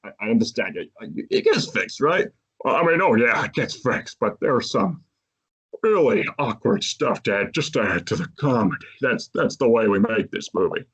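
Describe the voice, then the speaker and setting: A man's voice: mid-range voice, sing-song, normal speed, slightly rough. Man chattily recapping a movie. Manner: chatty, laughs often while retelling scenes. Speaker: podcast host.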